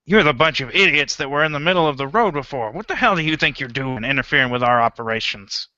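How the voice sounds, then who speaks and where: A man voicing Stanton, a gruff, hostile work boss who curses and barks orders. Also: mid-range voice, expressive, fast, bright, forceful tone, dry recording, highs cut off. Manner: angry, cursing.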